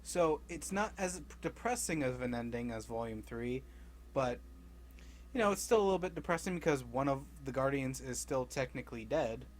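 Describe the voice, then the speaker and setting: A man's voice: mid-range voice, animated, moderate pace, a little hiss or hum. A young man casually recapping a comic series, rambling with frequent laughs and loosely acting out the characters' lines. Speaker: comic book recap creator.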